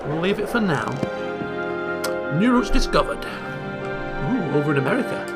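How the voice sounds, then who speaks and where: A man hosting a let's play, reading game text aloud with theatrical, chuckling commentary and hushed asides. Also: on the high side, very animated, measured pace, loud music behind the voice. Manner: theatrical, chuckling, swings between hushed asides and loud exclaims.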